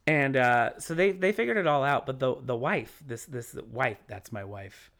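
A man in his late twenties chatting casually and telling a profane, animated story, acting out the people in it. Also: medium pitch, moderate pace, hardly any pauses. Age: late 20s.

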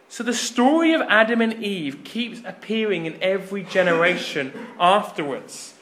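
A man preaching a sermon, retelling scripture as a lively story and acting out the quoted lines with sudden loud rises. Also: high voice, moderate pace, hardly any pauses, reverberant, slight background noise.

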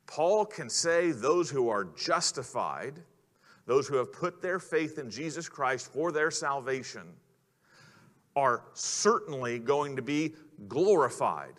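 A man's voice: mid-range voice, lively intonation, slow pace. A man preaching a sermon in an earnest way, putting questions to the congregation. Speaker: pastor. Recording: long hall reverb.

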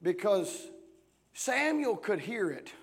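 A pastor in his forties preaching a sermon, swinging between hushed talk and shouting, with many "uh" fillers between phrases. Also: high-pitched, sing-song, takes it slowly, husky. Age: 40s.

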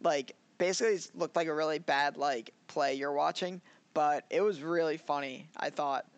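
A man's voice: a little high, steady tone, moderate pace, clear, resonant tone, no room sound. Man, casual podcast co-host, rambling, acts out scenes, dry close sound. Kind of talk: casual anime review chat.

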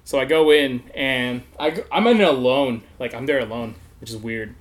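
This young adult podcast host tells a story in an easygoing conversation, laughing a lot and cursing without restraint. He speaks in a mid-range voice at a normal speed.

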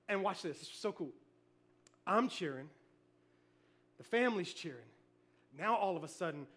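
High-voiced animated pastor preaching. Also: male voice. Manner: animated storytelling, shouting cheers then dropping soft. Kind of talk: sermon.

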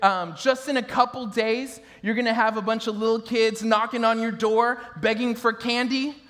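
High-voiced laughing pastor in a hall. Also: male voice. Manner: animated storytelling, laughing with the crowd. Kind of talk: sermon.

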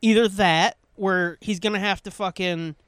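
A man's voice: high voice, steady tone, normal speed, a bit bright, clear, resonant tone, dry recording, studio quality. A man co-hosting a podcast in casual chat, swearing freely and rambling. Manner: profane, rambling, reads sponsor list. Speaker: podcast co-host.

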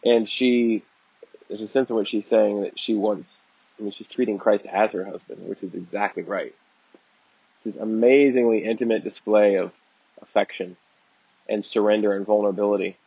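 A man's voice: fairly low pitch, steady tone, normal speed, gravelly, mellow, breathy edge, no echo, highs cut off. A man giving a conversational Bible teaching talk, earnest and digressive, often restarting his sentences.

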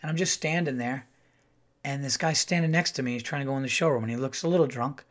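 A middle-aged man telling a casual, animated story as a comedian hosting his podcast. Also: fast talker. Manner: animated, acts out quotes in a louder higher voice.

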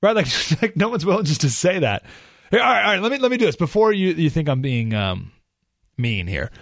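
A man hosting a talk radio show, delivering an animated monologue full of rhetorical questions and sarcasm. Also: on the high side, a little fast, no room sound, studio quality.

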